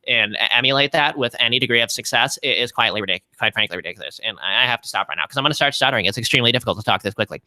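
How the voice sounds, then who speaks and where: A man doing an impression of a fast-talking male political pundit, speaking very quickly in a clipped, debating tone. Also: medium pitch, sharp tone, pitched below the performer's own voice.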